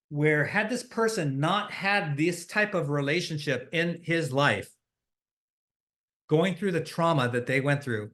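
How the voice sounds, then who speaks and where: A man's voice: a little high, fairly bright tone. Casual conversational man hosting a talk. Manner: conversational, many fillers and restarts. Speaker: host. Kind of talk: casual monologue on mentorship.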